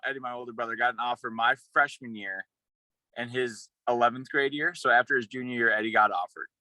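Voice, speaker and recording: A young man, a former college football player, telling a rambling, excited story in a casual interview, with many restarts. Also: mid-range voice, fairly quick, dry recording, rough recording.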